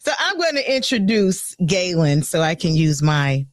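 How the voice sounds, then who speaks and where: A woman's voice: medium pitch, very animated, moderate pace, no echo, studio quality. A woman hosting a live radio talk show, chatty and playful, with a bubbly, upbeat way of talking. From Chicago. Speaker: radio host.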